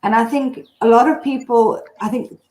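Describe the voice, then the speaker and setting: A woman hosting a live video call discussion in a casual, soft-spoken way. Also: a little high, fairly even intonation, normal speed. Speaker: host. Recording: roomy echo.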